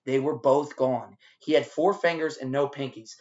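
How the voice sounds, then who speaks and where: A man on a podcast telling a rowdy restaurant story, animated and profane, acting out the shouting. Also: medium pitch, normal speed, highs cut off. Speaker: podcast co-host. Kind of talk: casual storytelling over drinks.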